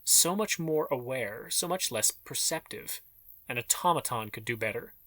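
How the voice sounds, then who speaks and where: A man's voice: mid-range voice, expressive, moderate pace, fairly bright tone, dry recording. A man reading an audiobook in scripted, dramatic narration.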